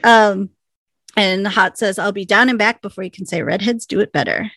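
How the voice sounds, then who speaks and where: Chatty woman podcaster, fry in her voice, dry close sound; recaps scenes with lots of "like"s. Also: medium pitch, moderate pace, a bit bright, no echo. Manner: chatty, lots of likes and ums. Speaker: podcast co-host. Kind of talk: casual episode recap.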